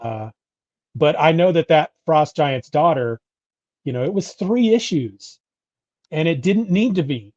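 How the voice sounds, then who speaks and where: A man's voice: on the high side, animated, measured pace, darkish tone, no room sound. Rambling middle-aged man on a dull mic. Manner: rambling, self-correcting, chatty. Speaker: podcast co-host. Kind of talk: casual chat. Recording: dull lo-fi audio.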